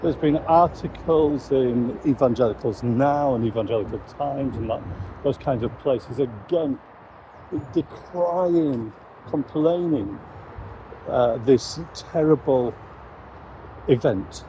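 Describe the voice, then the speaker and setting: A man, a Christian commentator, giving measured, reflective commentary on current events. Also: mid-range voice, mellow, a little hiss or hum, rough recording.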